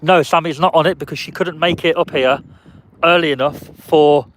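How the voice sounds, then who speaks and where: A man's voice: a little high, fairly even intonation, normal speed, slight background noise. A man live-streaming from a parked car in a casual, chatty way, answering viewers' comments by name and playfully guessing the names of passers-by.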